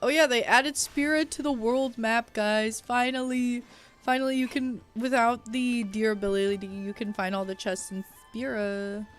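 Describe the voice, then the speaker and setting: A young woman streaming a game, chatting casually in slang, reading chat aloud and bursting into loud reactions. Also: a little high, steady tone, normal speed, faint music behind.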